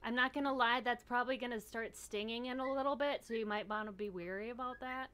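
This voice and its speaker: A woman with a slightly raised pitch chats playfully as a player at a tabletop game. She jokes and makes suggestions in a loose, easygoing way. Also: fast talker, fairly bright tone, clear, resonant tone. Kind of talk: casual tabletop play.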